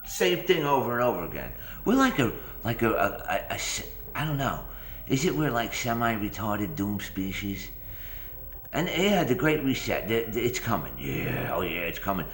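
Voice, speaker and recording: A man's voice: lowish voice, sing-song, normal speed, fairly bright tone, echoey room, faint music behind. A man hosting a morning rant vlog, rambling and sarcastic, often repeating his phrases. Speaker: vlog host.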